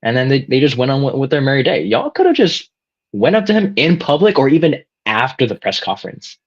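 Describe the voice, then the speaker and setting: A man's voice: mid-range voice, very animated, fairly quick, gravelly. A man co-hosting a casual sports chat, laid-back and often restarting his sentences. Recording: dull lo-fi sound.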